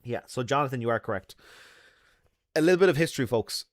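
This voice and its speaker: A man's voice: medium pitch, animated, quick pace, dry recording, studio quality. An Irish man hosting a live stream, reading viewer comments and chatting in a loose, jokey way with lots of laughs and fillers. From Ireland. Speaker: livestream host.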